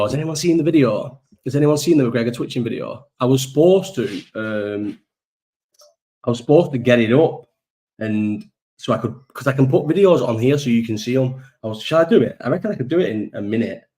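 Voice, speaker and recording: A man's voice: mid-range voice, a little mellow. A young man hosting a casual live-stream chat, rambling through stories with lots of swearing and frequent laughter.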